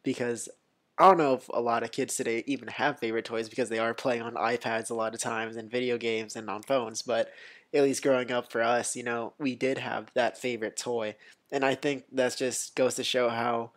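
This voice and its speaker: A man's voice: medium pitch, moderate pace. A young man co-hosting a movie review podcast, chatting casually and acting out lines from the film. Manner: animated, acts out movie lines in quotes. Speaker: podcast co-host.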